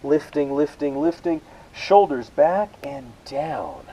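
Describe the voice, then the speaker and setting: A man teaching a beginner yoga class, calling out poses and breaths in relaxed, encouraging cues with casual asides. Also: a little high, takes it slowly, poor audio. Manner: relaxed, encouraging cueing with self-aware asides. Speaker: yoga instructor. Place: outdoors with rain and hummingbirds about.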